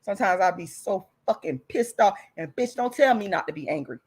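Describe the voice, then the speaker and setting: A woman's voice: mid-range voice, animated, brisk, darkish tone, breathy edge. A woman hosting her own channel, delivering a heated, profane rant straight to her viewers. She speaks bluntly and defiantly, with angry emphasis and repeated insults. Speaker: channel host.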